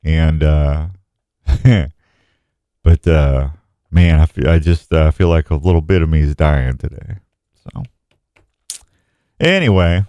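A man's voice: extremely low pitch, takes it slowly, long pauses, dark tone, clear, resonant tone, no room sound, muffled recording. A middle-aged man hosting a radio show, talking in a folksy, rambling way. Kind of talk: casual radio talk.

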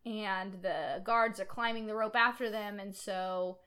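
A woman's voice: medium pitch, a little slow, clean tone. A woman co-hosting a casual chat, recapping a film scene by scene and acting out the characters' lines with feeling. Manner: expressive, acts out quoted lines. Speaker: podcast co-host.

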